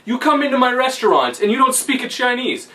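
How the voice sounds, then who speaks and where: A man's voice: very high voice, sing-song, brisk, sharp tone, recorded from a distance, voice pushed up, heavily acted, poor audio. A man voicing a rude, haughty French waiter who talks in a fussy, snooty way. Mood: indignant.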